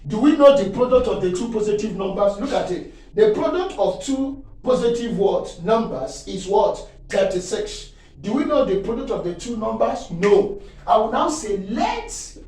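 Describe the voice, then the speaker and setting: A man's voice: high voice, darkish tone. A male maths teacher working through calculus problems, quizzing his listeners with leading "what?" prompts and often checking whether they are still following. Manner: checks in often and exclaims to himself. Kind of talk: classroom-style maths lesson. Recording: very echoey room, far from mic.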